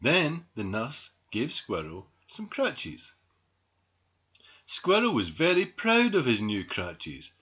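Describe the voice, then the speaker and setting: Man, children's story reader, expressive, bright tone, muffled lo-fi recording. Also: medium pitch, takes it slowly, slightly rough. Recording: dull lo-fi recording.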